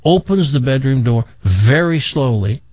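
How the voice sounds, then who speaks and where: Radio guy telling a joke, pitch all over the place, dry dull studio sound. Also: unhurried, no room sound. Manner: animated storyteller, acts out characters. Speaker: radio show host.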